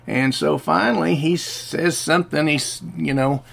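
A man's voice: a little high, fairly even intonation, a little slow, creaky, a bit bright. A man hosting his own podcast, talking in a rambling, chatty monologue full of fillers and restarts. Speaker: podcast host. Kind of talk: casual monologue.

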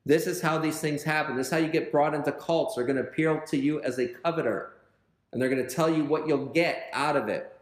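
A man's voice: a little high, fairly quick. Conversational male pastor in an echoey hall. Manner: conversational, retells scripture in everyday words. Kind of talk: sermon, verse-by-verse Bible teaching.

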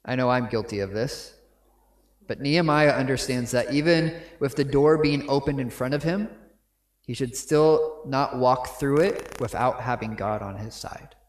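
A man's voice: medium pitch, normal speed. Man preaching in an echoey church. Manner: conversational, frequent "right?" asides. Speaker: pastor. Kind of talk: sermon. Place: church sanctuary.

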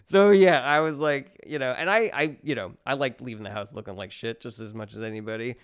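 A man's voice: mid-range voice, brisk, smooth. A man who is a stand-up comedian hosting a podcast, rambling through a profane, self-mocking casual monologue.

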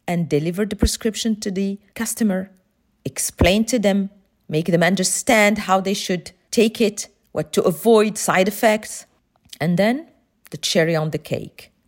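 Animated woman telling a motivational story. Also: medium pitch. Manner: animated, expressive, emphatic. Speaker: motivational speaker, former pharmacist.

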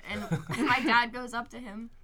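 A woman's voice: on the high side, level tone, moderate pace, crowd noise. A young woman guest on a podcast, telling a rambling story with many "um" and "like" filler words. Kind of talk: casual storytelling.

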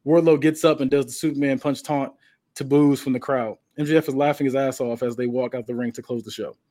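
A man's voice: medium pitch, steady tone, quick pace, mellow. A man casually narrating a story, with restarts.

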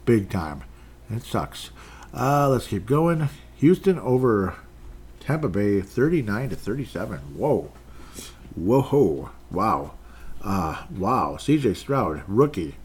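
Husky-voiced man rambling through scores. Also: on the low side, very animated, takes it slowly. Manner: rambling, jokey, with asides. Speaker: podcast host. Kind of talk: casual sports recap.

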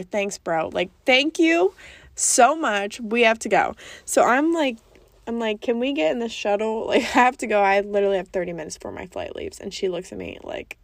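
A young woman tells a story straight to the camera in casual chat. She is animated, slips into lively voices for the people she quotes, and laughs as she goes. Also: medium pitch.

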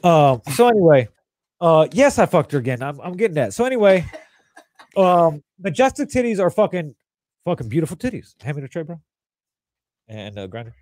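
Animated crude storytelling young man. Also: fairly high pitch, a little fast, long pauses. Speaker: podcast co-host telling a story. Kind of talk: casual storytelling chat.

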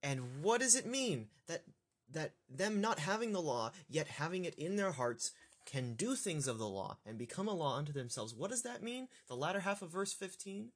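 A man working through a scripture passage aloud as a teacher, thinking out loud, halting and correcting himself. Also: a little high, big pitch swings. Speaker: Bible study teacher.

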